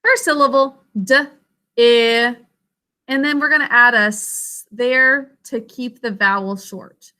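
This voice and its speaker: A woman's voice: on the high side, steady tone, slow pace, bright, forceful tone. A woman teacher leading a vocabulary and spelling lesson. She asks the class questions, calls on students by name, and patiently sounds out each syllable.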